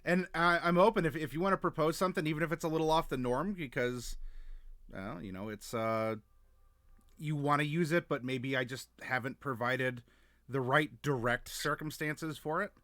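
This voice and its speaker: Halting man running a tabletop game, dry sound. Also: a little high, a bit bright, dry recording. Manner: halting, trailing off, many fillers. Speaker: game master. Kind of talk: casual chat before a tabletop game.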